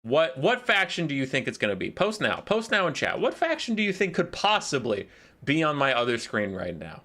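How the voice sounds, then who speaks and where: A man casting a live strategy game match, calling the action in quick play-by-play and joking with his chat. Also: fairly high pitch, very animated, pushed and bright. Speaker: esports caster.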